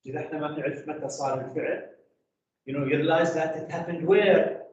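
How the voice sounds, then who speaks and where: A man teaching an English grammar lesson, asking the class rhetorical questions and filling pauses with "you know". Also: on the high side, fairly even intonation, distant mic, highs cut off. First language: Arabic. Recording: echoey classroom taped from afar.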